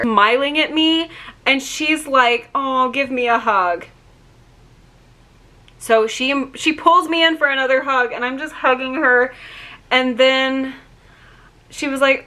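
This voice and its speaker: A woman's voice: medium pitch, sharp tone. A young woman telling a story to her camera, gushing and rambling with lots of fillers and restarts. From Virginia. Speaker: vlogger.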